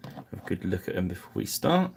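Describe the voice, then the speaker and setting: A man's voice: deep voice, big pitch swings, brisk, creaky, a little mellow, slight background noise. A man hosting a live painting stream, chatting casually and apologizing with self-deprecating asides.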